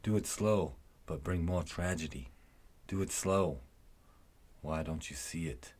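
Husky low-voiced man reading lyrics. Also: measured pace, a little mellow. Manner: declaims with rising intensity.

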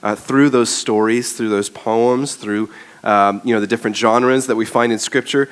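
A man's voice: mid-range voice, fairly even intonation, normal speed, clear, resonant tone. A male pastor preaching a sermon in a conversational way, with frequent ums and uhs.

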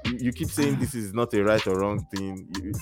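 A man hosting a live talk show, animated and teasing, repeating himself as he reads out viewer comments. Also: lowish voice, a little fast, music in the background. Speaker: show host.

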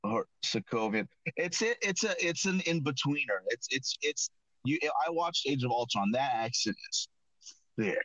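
Speaking expressively at a moderate pace, a man with a medium-pitched, fairly bright voice recaps an episode of his casual chat show. His delivery rambles, with many restarts and self-corrections, and the recording is dull, lo-fi, and dry, without echo.

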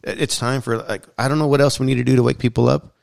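Male podcast host, mid-pitched voice, blunt and emphatic, swears casually. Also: steady tone, fast talker, vocal fry, darkish tone. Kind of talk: casual chat.

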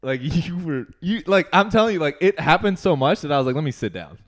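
A young man telling a bar story to a friend in casual chat, animated and swearing, laughing along the way. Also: a little high, a little fast.

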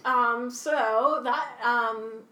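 A young woman from Canada chatting casually, animated and swearing freely, laughing often. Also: fairly high pitch, very slow, roomy sound. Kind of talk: casual chat.

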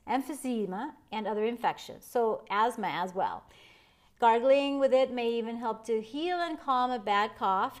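A woman hosting a podcast as a life coach, chatting in an encouraging way, laughing often and reading some facts aloud. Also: a little high. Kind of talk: casual podcast monologue.

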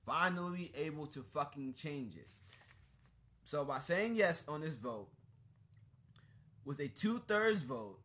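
Bright-voiced profane casual man. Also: fairly high pitch, animated, slow pace, pauses often. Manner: blunt, profane, emphatic. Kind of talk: casual chat about ballot measures.

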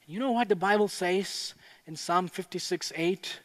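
A man preaching a sermon as a pastor, with a measured delivery that builds to impassioned proclamation. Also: high voice. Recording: echoey hall with long reverb.

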